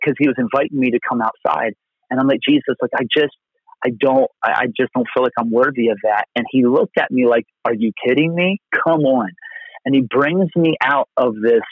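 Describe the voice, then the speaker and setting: Husky man on a tinny phone line. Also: medium pitch, no echo. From Pennsylvania, USA. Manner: earnest, rambling with many restarts. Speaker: guest evangelist. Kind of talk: telling faith stories.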